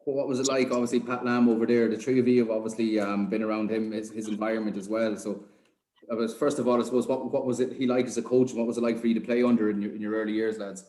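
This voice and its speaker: A man's voice: on the low side, fairly even intonation, fast, dark tone, reverberant, poor audio. A man hosting a podcast, putting questions to his guests in a loose, chatty way. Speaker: podcast host. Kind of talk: casual podcast interview.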